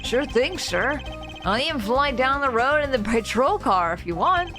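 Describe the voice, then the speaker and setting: A woman voicing an eager, loyal male police detective in a quick, game-dialogue read. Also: high-pitched, expressive, over music.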